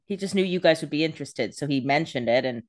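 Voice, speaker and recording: A woman's voice: deep voice, lively intonation, fast talker. A woman co-hosting a podcast, giving wry, profane commentary in casual chat. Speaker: podcast co-host.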